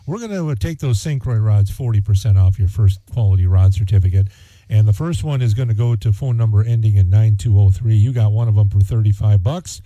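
A man's voice: lowish voice, a little fast, dark tone, dry recording. A man hosting a local radio charity auction, reading out winning bids in a folksy, chatty way with plenty of fillers. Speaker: radio host.

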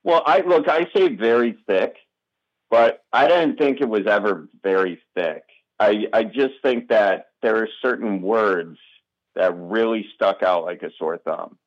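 Guy rambling in an interview, lowish voice, kinda dull lo-fi sound. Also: unhurried. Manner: rambling, restarts often, self-deprecating. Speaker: guest comedian. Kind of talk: casual interview chat.

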